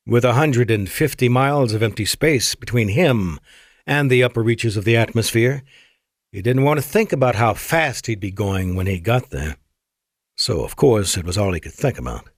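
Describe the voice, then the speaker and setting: Male audiobook narrator, mid-range voice, dry and measured. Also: medium pitch, expressive, no echo. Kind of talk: scripted narration.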